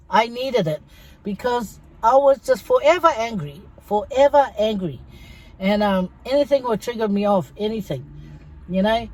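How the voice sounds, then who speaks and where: A middle-aged woman from Samoa chats casually with her viewers in a mukbang vlog, telling stories and calling them "guys." Her voice is medium-pitched and mellow.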